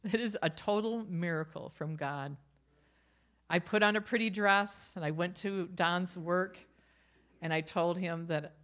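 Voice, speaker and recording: A middle-aged woman shares a personal faith testimony, telling her story earnestly and often slipping into a light laugh. Her voice is on the low side and fairly bright, and she speaks a little slowly.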